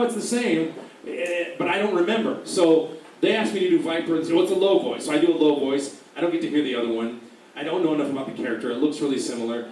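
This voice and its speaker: Panelist man, high-ish voice, jokey and rambling, roomy far-off hall recording. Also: darkish tone. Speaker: voice actor on a convention panel. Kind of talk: convention panel Q&A. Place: large convention room. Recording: very echoey hall, distant mic, faint noise.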